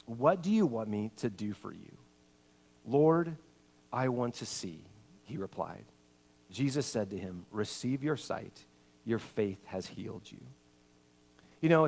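A male pastor preaching a sermon, swinging between loud, acted-out quotes and hushed, intimate passages. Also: a little high.

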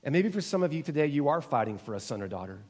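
A man's voice: big pitch swings, very fast. Emphatic preaching man in a reverberant hall. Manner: rising to emphatic repeated exhortations, dropping low and soft at times. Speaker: pastor. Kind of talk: sermon.

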